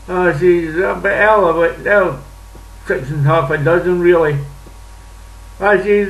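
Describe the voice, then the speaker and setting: An older Scottish man rambles through a story in a fairly high voice, speaking slowly and unhurriedly. His voice sounds roomy and a little distant from the mic. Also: fairly bright tone. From Scotland. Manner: rambling, chatty, with dialect words. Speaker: vlogger. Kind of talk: casual storytelling monologue. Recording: echoey room, distant mic.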